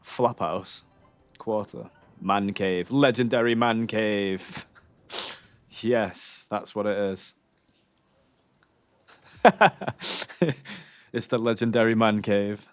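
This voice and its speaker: A man's voice: lowish voice, fairly even intonation, takes it slowly, no echo. A young man from the United Kingdom streaming a game, muttering casually to himself in a dry, laid-back way. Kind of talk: casual gaming stream chat.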